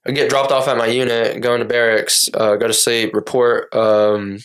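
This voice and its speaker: A man's voice: medium pitch, moderate pace, clear, resonant tone. A young man from Cherokee, North Carolina, co-hosting a podcast and telling stories in casual chat, acting out other people's lines with swearing. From Cherokee, North Carolina, USA. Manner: animated retelling, acting out voices, swearing. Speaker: podcast co-host.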